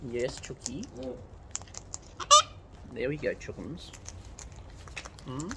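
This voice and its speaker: In a noisy outdoor clip, a woman feeding and filming wild birds chats to them lovingly in sing-song baby talk. Her bass voice carries lively intonation, and she stretches out her words.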